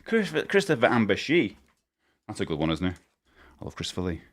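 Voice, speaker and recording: A man's voice: fairly low pitch, huge pitch swings, fast. Rambling, jokey man streaming. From United Kingdom. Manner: rambling, jokey, laughs often. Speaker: live-streamer. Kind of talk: casual live-stream chat.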